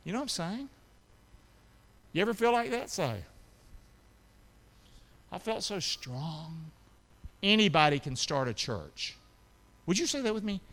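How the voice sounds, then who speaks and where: A middle-aged man preaching a sermon as pastor, calling out questions to his congregation and rising to shouts. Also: high-pitched, smooth. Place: church sanctuary. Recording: long hall reverb.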